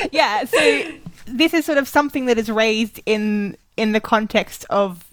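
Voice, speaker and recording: A woman's voice: on the high side, unhurried, dry recording. A woman leading a casual book club discussion, talking loosely with many fillers and restarts. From Australia.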